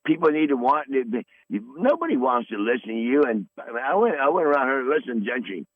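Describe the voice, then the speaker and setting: A man's voice: medium pitch, sing-song, normal speed, no room sound. Brief: man, 60s, podcast regular caller; profane, boastful rambler; tinny phone audio. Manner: combative, swearing, boastful. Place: in his van.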